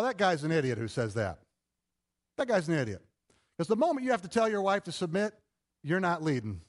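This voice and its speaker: Male pastor, middle-aged; animated sermon delivery, chatty rhetorical questions, slightly raised voice. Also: a little high, fairly quick, long pauses.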